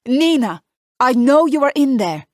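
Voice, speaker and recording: A woman's voice: medium pitch, lively intonation, unhurried, no room sound, clean studio sound, voice pushed up, lightly acted. A woman voicing a blunt, protective Italian male gardener with an Italian accent, making clipped, insistent demands in an audiobook. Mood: urgent.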